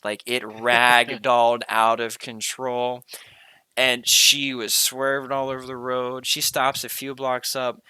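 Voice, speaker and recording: A man's voice: medium pitch, flat delivery, a little slow, hardly any pauses, pushed and bright, smooth, dry recording, poor audio. A young man hosting a podcast, telling a long story in a casual, rambling way, full of fillers and slang. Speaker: podcast host.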